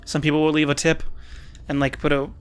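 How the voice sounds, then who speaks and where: A young man with a fairly high voice commenting over a video game. He is opinionated and teasing and laughs often, while faint game music plays behind him. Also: completely flat delivery, fairly quick. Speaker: gaming commentator. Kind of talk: casual gameplay commentary.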